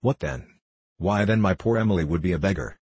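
An anxious, motherly older housekeeper, read by a man who warns gently. The voice is very low and husky. It is recorded close and dry. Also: fairly quick, dry recording. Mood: worried. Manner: worried, cautioning. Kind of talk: audiobook character reading.

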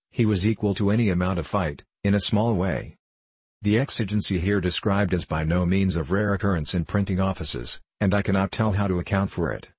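A man narrating a classic story aloud in a measured, formal storytelling manner. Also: deep voice, breathy edge, dry recording. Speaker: audiobook reader.

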